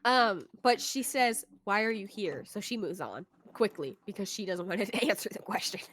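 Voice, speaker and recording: A woman's voice: medium pitch, animated, moderate pace, a bit bright, a little hiss or hum. A woman streamer in casual chat, reading a book's dialogue aloud and chatting about it. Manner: chatty, laughing, narrates dialogue tags.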